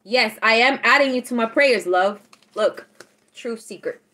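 A woman, chatting casually on a tarot livestream, teasing and animated, laughing often as she reads out chat. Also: on the high side, measured pace.

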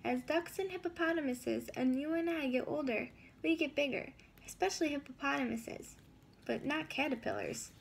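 High, gravelly woman reading to kids. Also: normal speed, slight background noise. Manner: warm questions to young listeners. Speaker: children's story reader. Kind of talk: reading a picture book aloud to children.

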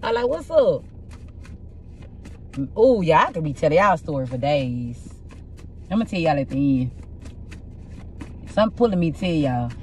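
A young woman with a rough, husky voice, doing a casual tarot reading and telling blunt, profane stories in an animated way. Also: low voice, normal speed, pauses often, slight background noise. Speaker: tarot reader.

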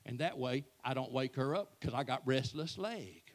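A man's voice: mid-range voice, expressive, moderate pace. A man, telling folksy, self-mocking comic stories at a church event. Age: 60s. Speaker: church speaker. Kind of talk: comic storytelling to a live audience.

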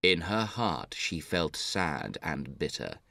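A man narrating a story for English learners in a measured, clear reading. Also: rumbling low, sing-song, pushed and bright, no room sound.

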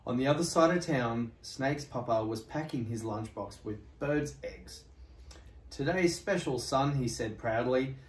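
A man reads a children's story aloud for a podcast in a slow, steady voice. He sits back from the mic in an echoey room. Faint background noise hangs under him. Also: medium pitch, recorded from a distance. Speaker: podcast co-host, story reader.

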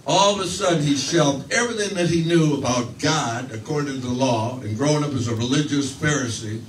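A man's voice: mid-range voice, brisk, reverberant, recorded from a distance, slight background noise, low-quality recording. A man preaching a sermon, telling a story in a conversational way with restarts and fillers, acting out quoted voices. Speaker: pastor.

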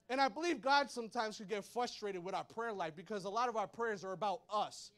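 A male pastor in his thirties preaching a sermon to a congregation, telling lively stories and acting out shouts and quotes. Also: extremely high pitch, a little fast, few pauses. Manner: animated storytelling, acts out shouts and quotes. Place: church hall before a congregation.

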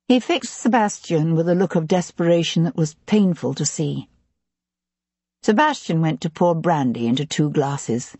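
Husky, measured audiobook reader, close and dry. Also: mid-range voice, animated, a little mellow, no echo. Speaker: audiobook narrator. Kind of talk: scripted narration.

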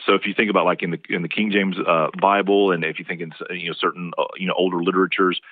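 An East Tennessee professor, a Southern American man with a very low voice, talks fast with little pitch movement as a guest in an interview. Patient and lecturing, he keeps restarting phrases, and the recording is dry, coming through a tinny line that resembles a phone.

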